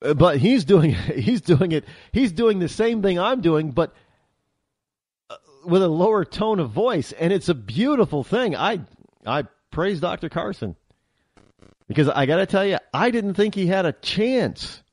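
A man hosting a political talk show, giving an animated opinion monologue and often repeating and restarting his words. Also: high-pitched, unhurried, dry recording, studio quality.

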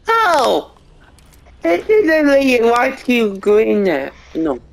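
A female player chatting through a video game match, excitable, with loud exclamations and laughter. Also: on the high side, drawn-out words, vocal fry. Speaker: gamer. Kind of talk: casual gaming banter.

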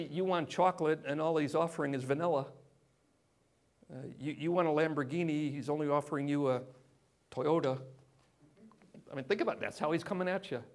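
A man delivering a sermon in a church, his voice sitting a little higher than most men's. He preaches in a loose, conversational way, pausing on fillers and turning to the congregation with rhetorical questions. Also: darkish tone. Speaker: pastor. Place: church sanctuary.

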